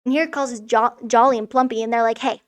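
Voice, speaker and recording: A woman's voice: fairly high pitch, steady tone, fast talker. A young woman vlogger giving a casual, sarcastic recap of a children's story, swearing freely as she goes. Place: room in a school.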